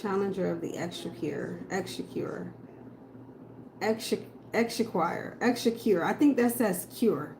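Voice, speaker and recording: A woman in a casual reaction video, slowly repeating a hard word and laughing at herself. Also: on the low side, expressive, vocal fry, noisy background. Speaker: tarot reader and video creator.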